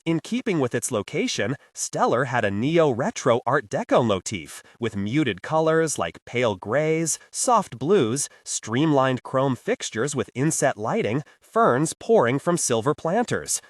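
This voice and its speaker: A man narrating a superhero fantasy audiobook in an expressive, varied delivery. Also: mid-range voice, measured pace, hardly any pauses, no echo, clean studio sound. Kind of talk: scripted narration.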